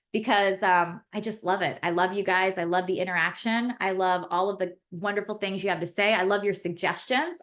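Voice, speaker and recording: A woman's voice: mid-range voice, fairly bright tone. A woman pharmacist hosting a live webinar class, chatty and effusive as she reads the chat and answers questions aloud.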